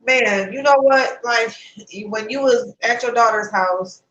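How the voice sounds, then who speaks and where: A woman's voice: fairly high pitch, a little slow, a bit bright. A woman hosting a casual livestream chat, encouraging and affectionate with her guest. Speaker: livestream host. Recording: echoey room, dull lo-fi sound.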